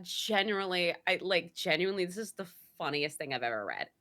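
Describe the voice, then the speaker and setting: A woman chats casually as a podcast guest host, her voice slightly low but bright. She is animated and giggly, full of fillers and restarts. Her pitch swings widely as she talks. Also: brisk. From Italian heritage.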